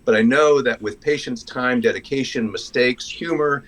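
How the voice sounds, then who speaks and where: A man in a community group, sharing a personal story in a candid, self-deprecating way, often halting and restarting. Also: medium pitch, a bit bright, rough recording. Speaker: congregation member sharing a story.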